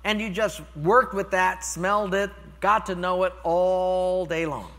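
An older man preaching a sermon, telling stories with lively swings from loud calls to hushed, quiet lines. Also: sits high, unhurried, long reverb tail. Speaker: pastor.

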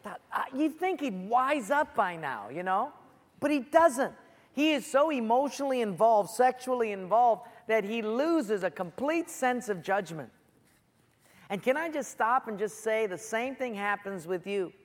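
A preacher giving a sermon and retelling a Bible story in an animated, theatrical way, with sound effects and asides. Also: medium pitch, a little slow. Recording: long reverb of a large hall.

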